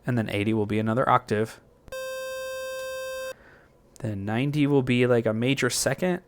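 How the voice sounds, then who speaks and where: A man hosting a music software tutorial, thinking aloud in a loose, rambling way with plenty of fillers and self-corrections. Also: mid-range voice, moderate pace, noisy background.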